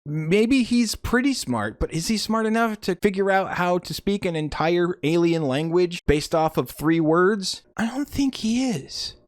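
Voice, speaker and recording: Young man, sarcastic, profane, comedic recap, slightly high voice, dry close sound. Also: no echo. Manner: sarcastic, profane, acts out characters in quick voices. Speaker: movie reviewer.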